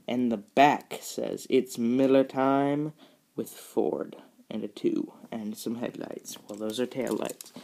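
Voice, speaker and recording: A young man chats his way through a hobby review of a collectible model car. He speaks at an unhurried, slow pace, rambling with fillers and poking fun at himself as he goes. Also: mid-range voice, gravelly, darkish tone. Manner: rambling, self-mocking, chatty with fillers.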